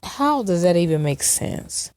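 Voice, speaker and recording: A woman hosting her commentary channel, picking apart a clip with sarcastic, mocking deadpan asides. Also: on the low side, unhurried, clear, resonant tone. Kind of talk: reaction commentary.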